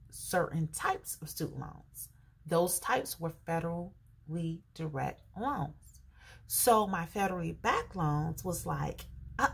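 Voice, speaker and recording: A woman vlogger telling a casual, animated story to her viewers, acting out both sides of her phone calls. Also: medium pitch, a little hiss or hum. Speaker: personal finance vlogger.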